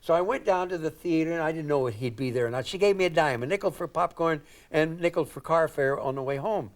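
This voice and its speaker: An older guest comedian from Indiana, United States, speaks with a fairly high voice at a quick pace. On a talk show, he tells rambling anecdotes, chuckling and acting out quotes.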